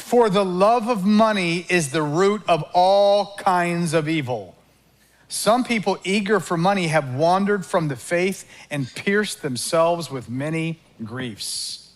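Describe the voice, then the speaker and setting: A man preaching a sermon, calling on the congregation to repeat words and acting out quick inner dialogues. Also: sits high. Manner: animated preaching with call-and-response and acted-out inner dialogues. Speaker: pastor.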